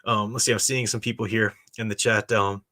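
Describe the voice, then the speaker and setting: Male live-stream host, low pitch, bright and punchy tone, opinionated. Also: flat delivery, fairly quick. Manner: opinionated and emphatic. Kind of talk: casual live-stream commentary, reading chat.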